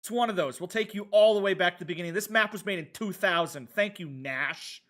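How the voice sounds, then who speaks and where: A man with a high, fairly bright voice talks a little quickly while streaming a retro video game. He rambles casually, talking to himself as he plays and chatting with his viewers in a loose gameplay commentary.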